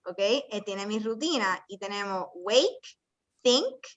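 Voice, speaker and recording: With a mid-range voice, large pitch swings, and a slightly slow pace, an ESL teacher delivers a bilingual classroom lesson. She moves between English and Spanish, explains patiently one step at a time, and quizzes her students.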